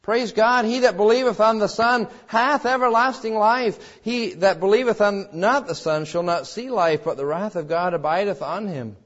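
A man preaching a sermon in an emphatic way, swinging between loud exhortations and quiet, low passages. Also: moderate pace, few pauses, lo-fi sound. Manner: emphatic preaching with wide swings in pitch and loudness.

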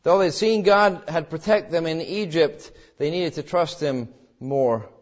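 A man preaching a sermon as pastor, swinging between calm teaching and dramatic, acted-out quoted cries. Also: on the high side, unhurried, muffled recording. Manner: preaching with dramatic rises, voicing quoted cries and God's words.

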